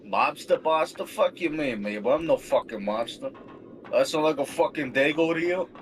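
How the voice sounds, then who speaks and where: A man's voice: a little high, expressive, moderate pace, slight background noise, natural voice. A man doing a comic voice of a crude, swaggering New Jersey mobster during casual stream banter. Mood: indignant. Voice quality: profane, tough-guy bluster.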